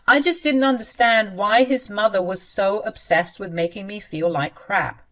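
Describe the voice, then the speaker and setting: A woman narrates a first-person story at an ordinary, middle pitch. She tells it earnestly, with expressive emphasis.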